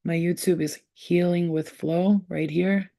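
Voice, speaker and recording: Mellow-voiced woman, profane, rambling. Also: on the low side, fairly even intonation, unhurried, creaky. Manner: rambling and profane, with street slang; affectionate toward viewers, often saying she loves them. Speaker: spiritual reader hosting a livestream. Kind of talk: casual livestream chat.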